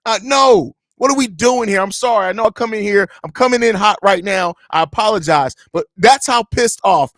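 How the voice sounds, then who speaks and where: High-pitched guy going off on a sports rant, cussing a lot, super dry sound. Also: normal speed, hardly any pauses, fairly bright tone, dry recording. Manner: heated, profane, repetitive ranting. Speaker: podcast host. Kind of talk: fired-up pregame rant.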